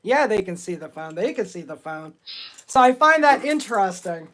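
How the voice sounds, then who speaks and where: A woman hosting a live stream, talking out loud to spirits and greeting her viewers. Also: mid-range voice, normal speed. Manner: excitable, talks out loud to spirits. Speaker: livestream ghost hunter.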